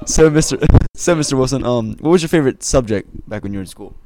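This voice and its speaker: A young man hosting a student podcast, asking questions with hesitant pauses as he searches for words. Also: mid-range voice, animated, noisy background. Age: young adult.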